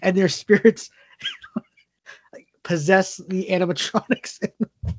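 A man co-hosting a casual movie podcast, easygoing and halting, with many fillers and chuckles. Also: sits high, husky, dry recording, dull audio. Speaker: podcast co-host.

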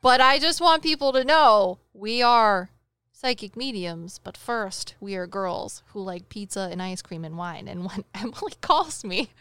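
Telling a jokey story on the chat show she co-hosts, a psychic medium animatedly acts out each line of dialogue. Her smooth, mid-range voice moves at a measured pace with no room sound.

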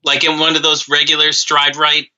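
A man's voice: a little high, completely flat delivery, moderate pace, sharp tone, dull audio. A man co-hosting a podcast, cutting in with joking questions in casual chat. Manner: wisecracking, jumps in with joking questions. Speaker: podcast co-host.

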